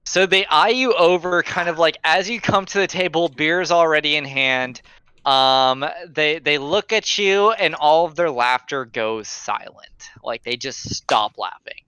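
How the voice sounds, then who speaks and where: A young man narrates a tabletop game as its game master, casual and loose with fillers. His voice is bright and clear, a little higher than most men's, and the mic is close and dry. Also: measured pace, no room sound, low-quality recording.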